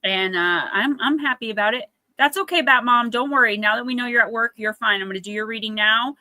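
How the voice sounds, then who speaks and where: Woman, live stream reader, casual chat, bright tone, close dry mic. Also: on the high side, a little fast, no echo, low-quality recording. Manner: chatty storytelling, acts out quotes in a raised voice. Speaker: oracle card reader and livestream host.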